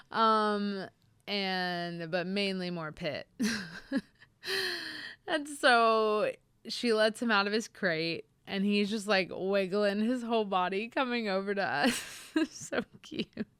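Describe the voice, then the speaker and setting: A woman hosting a podcast, telling a personal story in an earnest, reflective way, pausing on fillers and dropping to a near-whisper at sad points. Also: medium pitch, a bit bright, clean tone, no echo. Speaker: podcast host.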